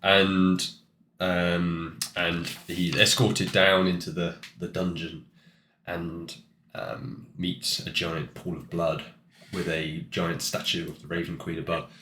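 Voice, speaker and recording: A man's voice: low voice, level tone, slow, pushed and bright, reverberant, slight background noise. A man casually recapping a tabletop game session, with many ums and restarts. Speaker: player.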